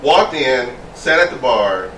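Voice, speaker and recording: A gay man chatting casually as a co-host, emphatic and animated as he tells his stories. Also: mid-range voice, slow pace. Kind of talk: casual chat. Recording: roomy sound from a distance with faint noise.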